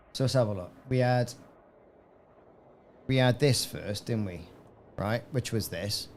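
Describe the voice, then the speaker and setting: A man talks casually through a game stream, rambling and pausing to greet viewers by name. His voice sits at a middle pitch. A faint background noise runs under the recording. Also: a little mellow. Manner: chatty, rambling, answers chat by name. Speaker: gaming streamer. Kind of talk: casual live-stream chat.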